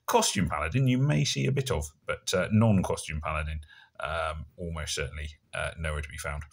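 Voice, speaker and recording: A man's voice: a bass voice, brisk, creaky. A middle-aged man from Somerset with a Somerset accent, rambling through casual, self-deprecating gameplay commentary with many fillers. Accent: Somerset English. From Somerset, England. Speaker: gaming video creator.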